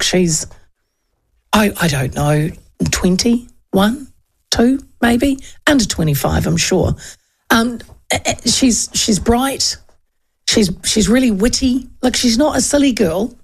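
Gravelly New Zealand woman in her fifties. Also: mid-range voice. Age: 50s. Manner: chatty and rambling, trails off into asides. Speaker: radio talk show host. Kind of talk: casual political commentary.

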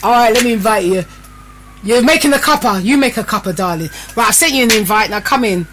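A woman's voice: fairly high pitch, expressive, fast talker, fairly bright tone, soft background music. A woman hosting a live radio show, chatting in a bossy, teasing way full of slang. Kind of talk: casual live radio chat.

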